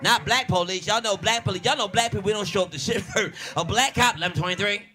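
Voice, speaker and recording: A man with a Baltimore accent doing a loud, brash, profane stand-up comedy set in a diner. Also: sits high, fast talker, over music. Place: diner comedy show with live audience. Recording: noisy crowd in a diner. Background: audience laughter.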